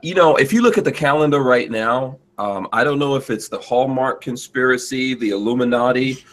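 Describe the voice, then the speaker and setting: A man hosts a relaxed podcast chat at a middle pitch. He poses questions and tosses in joking asides. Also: moderate pace. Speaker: podcast host.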